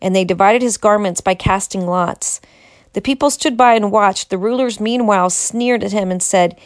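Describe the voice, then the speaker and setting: Woman, scripture reading with commentary, measured and deliberate, mid-pitched voice, dry close sound. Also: dry recording. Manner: slow, measured reading with emphatic quoted lines.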